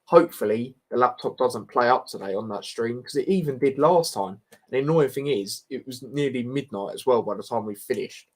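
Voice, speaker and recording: A man's voice: medium pitch, brisk, few pauses. Laid-back young man streaming. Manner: laid-back, banter-heavy, frequent fillers like mate and bro. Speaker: football livestream host. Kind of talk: casual livestream chat reading viewer comments.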